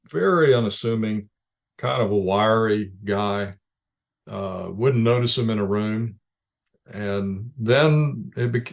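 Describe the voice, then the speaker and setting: In an interview, a ministry leader who is a guest shares stories in a fairly low voice. He stays calm and tells measured anecdotes, frequently restarting sentences midway.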